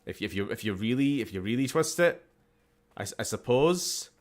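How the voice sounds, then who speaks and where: A man's voice: medium pitch, very animated, moderate pace. A Scottish man chatting casually and playfully while streaming a game, swearing freely and cracking jokes.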